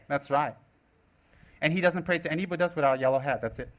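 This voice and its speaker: A man in his forties from the United States, giving a live Buddhist teaching with teasing, sarcastic, animated delivery. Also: a little high, fast. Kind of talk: live dharma talk.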